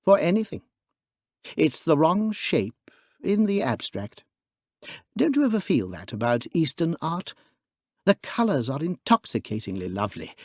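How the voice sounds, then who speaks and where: A male audiobook reader voicing a small, mild priest who speaks in a low, dreaming, intense way. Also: darkish tone, dry recording, studio quality.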